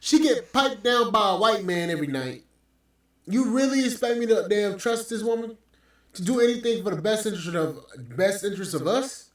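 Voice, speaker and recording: High-voiced man ranting in an echoey room. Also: animated, moderate pace. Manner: profane, ranting, scornful. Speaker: podcast host. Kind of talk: heated podcast commentary. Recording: very echoey room, mic at distance.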